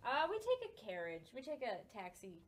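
A woman's voice: a little high, wildly swooping pitch, brisk, crowd noise. A woman playing a tabletop game, talking a little hesitantly as her character. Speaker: player. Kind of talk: casual tabletop play.

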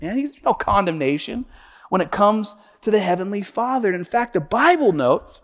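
A high-pitched male pastor preaches in a casual, storytelling manner, dropping "man" into his sentences. His voice rings out with a long hall reverb, as if filling a church sanctuary. He sounds like a man in his thirties talking easily to his congregation. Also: big pitch swings, normal speed. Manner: storytelling, conversational, says "man" a lot. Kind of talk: sermon.

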